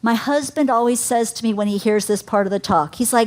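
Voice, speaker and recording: A woman's voice: a little high, brisk, a little mellow. Chatty woman teaching a caregiving workshop. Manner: chatty, laughs easily, asks the room questions. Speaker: caregiving educator. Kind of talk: live workshop talk to an audience. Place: lecture room with audience.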